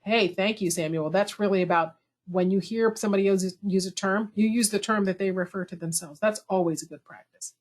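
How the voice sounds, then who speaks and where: Woman webinar host on a video call, middle-pitched, chatty and self-deprecating. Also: a little fast. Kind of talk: conversational webinar talk.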